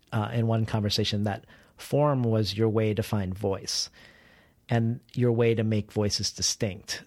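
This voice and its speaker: Man, lowish voice, dry close sound, interviewer, careful detailed questions. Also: darkish tone, no room sound.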